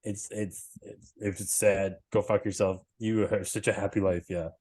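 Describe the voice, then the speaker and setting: Young man, sports podcast co-host, excitable, profane, frequent laughter. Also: on the low side, moderate pace. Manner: excitable, swearing, laughing often.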